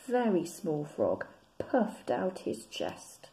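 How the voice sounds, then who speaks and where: A woman teacher reading a children's picture book aloud in an expressive way. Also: mid-range voice. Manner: slow and expressive.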